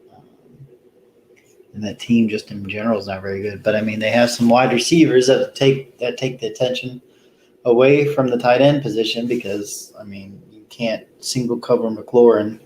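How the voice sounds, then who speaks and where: A man hosting a solo fantasy football show, talking casually and rambling with plenty of pauses, tired after a long day. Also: medium pitch, level tone, a little mellow, slight background noise, rough recording. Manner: rambling, lots of ums and restarts, easygoing. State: tired, yawning. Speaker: fantasy football podcast host.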